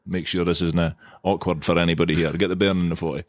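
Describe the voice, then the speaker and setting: A Scottish man with a very low voice spins a rambling, self-mocking tale for his podcast co-host. He talks in a loose, chatty way, and the recording is dry and close. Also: level tone, quick pace, dry recording. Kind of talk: casual storytelling chat.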